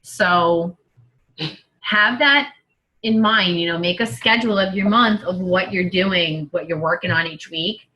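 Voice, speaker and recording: Woman group coach on a video call. Bright, slightly low voice, chatty, thinks out loud. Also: measured pace, muffled recording. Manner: chatty and rambling, thinking aloud. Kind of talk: casual video call talk.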